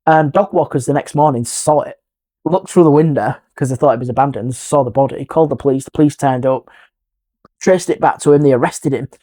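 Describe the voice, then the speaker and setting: A man's voice: mid-range voice, a little fast. A middle-aged man, a paranormal investigator, telling a ghost story in casual chat and acting out the voices in it. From England. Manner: animated, acts out quoted voices, drops to a hush.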